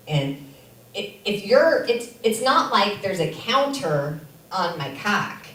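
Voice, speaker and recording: A middle-aged woman doing a stand-up comedy set in a theater, with a deadpan delivery and filler pauses, as the audience laughs. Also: mid-range voice, slight background noise. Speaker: stand-up comic. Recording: roomy echo, far from mic.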